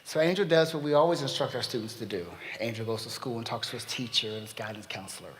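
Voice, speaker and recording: A man speaking at a panel, telling a story in an animated way and acting out the dialogue. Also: mid-range voice, fast. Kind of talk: storytelling talk. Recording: long reverb of a hall.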